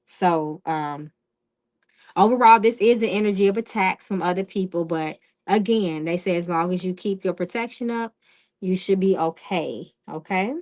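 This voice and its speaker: A woman's voice: fairly low pitch, normal speed, a little mellow. A woman hosting a live-stream tarot reading who talks in a direct, casual way. She often checks in with "okay?" and greets viewers in the chat.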